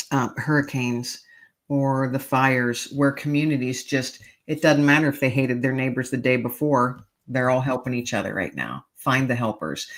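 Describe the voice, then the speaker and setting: Middle-aged woman guest, earnest and emphatic, relating a personal story in an interview. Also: extremely low pitch. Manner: earnest, emphatic, repeats key phrases. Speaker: podcast guest, author. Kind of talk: heartfelt storytelling in conversation.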